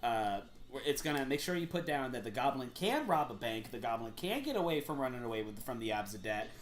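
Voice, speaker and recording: A man's voice: medium pitch, animated, a little fast, roomy sound. A man playing a tabletop game, talking brashly with swearing and laughter. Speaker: player.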